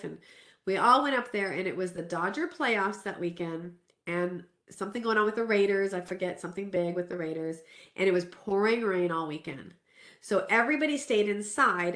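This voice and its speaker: Speaking a little fast with a fairly bright, medium-pitched voice, this woman shares a personal story in her self-care talk. She's in her forties, from Southern California, candid and earnest, conversational with restarts, and the room echoes.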